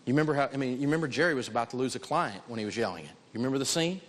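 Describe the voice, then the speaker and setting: A man teaching a live money lesson to an audience, preachy, rising to shouts for emphasis. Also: mid-range voice, lively intonation, very fast. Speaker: financial teacher. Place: large hall with a live audience. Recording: long hall reverb.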